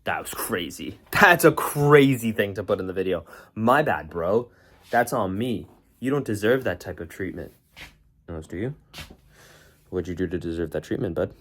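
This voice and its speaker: A man's voice: deep voice, lively intonation, moderate pace, fairly bright tone, slightly rough. A man vlogging in a casual, rambling way, joking with viewers and talking himself into being productive. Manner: rambling, joking, self-motivating. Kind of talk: casual self-talk vlog.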